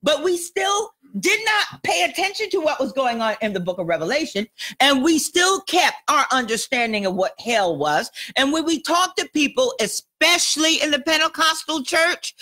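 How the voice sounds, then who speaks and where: A woman's voice: high voice, sing-song, normal speed, pushed and bright. A woman pastor giving a conversational sermon to a small room, often checking that listeners follow and laughing along the way. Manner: conversational, asks "you understand what I'm saying?", laughs often. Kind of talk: sermon teaching. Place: church or teaching room with a small audience.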